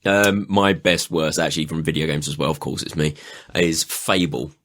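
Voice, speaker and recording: Deep-voiced laughing male co-host. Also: fairly even intonation, moderate pace, a bit bright. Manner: laughs often, swears casually. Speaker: podcast co-host. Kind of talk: casual chat.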